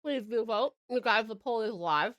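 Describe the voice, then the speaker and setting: A woman's voice: a little high, lively intonation, normal speed, fairly bright tone, dull audio. A young woman from Australia chatting casually with her live-stream viewers while she works, giggling often. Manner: chatty, giggly, talks to chat while working.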